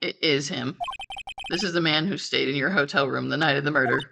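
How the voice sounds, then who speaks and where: A woman voicing a rude, sarcastic young female witness who turns shrill when cornered, with game music behind. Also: a little fast, gravelly, noisy background. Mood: flustered. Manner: curt, sarcastic, gets flustered and shrill.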